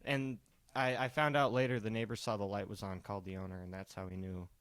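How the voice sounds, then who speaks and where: A man's voice: level tone, fast talker, a bit bright, smooth, dry recording. Laid-back man telling a profane story. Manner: profane, laid-back, quotes people in a lowered voice. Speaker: podcast co-host. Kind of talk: casual storytelling.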